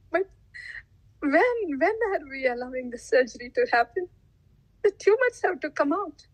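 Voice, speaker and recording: A spiritual teacher gives a devotional talk in a high-pitched, very animated voice, unhurried, laughing often, asking rhetorical questions, and acting out listeners' replies. The low-quality recording has no room sound.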